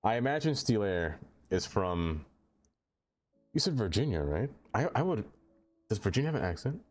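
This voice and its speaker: A man's voice: lowish voice, big pitch swings, moderate pace. A man live-streaming a city-building game, chatting casually with his viewers and laughing often.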